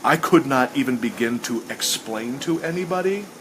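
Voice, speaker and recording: A man's voice: medium pitch, lively intonation, normal speed, noisy background. Rambling, enthusiastic man chatting casually. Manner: rambling and enthusiastic, acts out quoted lines. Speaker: host. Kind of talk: casual chat while sketching.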